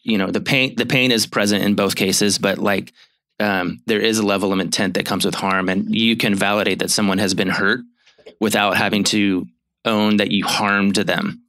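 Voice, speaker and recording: A man in his thirties talks as a marriage therapist on a podcast, working through ideas thoughtfully with fillers. His voice sits fairly low. The sound is dry, with no room echo. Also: steady tone, normal speed, a bit bright. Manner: thoughtful, explanatory, with frequent fillers and restarts. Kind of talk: casual chat about relationships.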